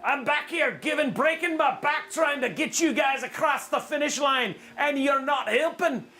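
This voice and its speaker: A man putting on a Scottish accent to voice a straining, shouting man hauling a heavy load. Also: very high-pitched, moderate pace, soft background music, voice pushed up, exaggerated voice. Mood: straining, pleading. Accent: Scottish, put on. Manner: shouting, pleading.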